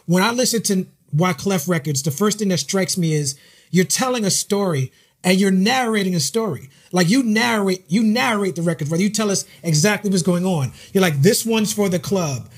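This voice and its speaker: A man's voice: high-pitched, brisk, slightly rough. A man hosting an interview, asking enthusiastic questions and affirming often. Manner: warm-hearted, enthusiastic questioner who affirms a lot. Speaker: podcast host. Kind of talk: interview conversation.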